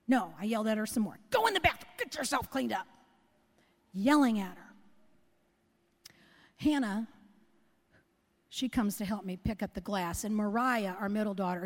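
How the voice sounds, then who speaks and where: A woman's voice: medium pitch, darkish tone. A middle-aged woman preaching a sermon, earnest and conversational, often asking the congregation questions. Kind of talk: sermon with personal story. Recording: long hall reverb.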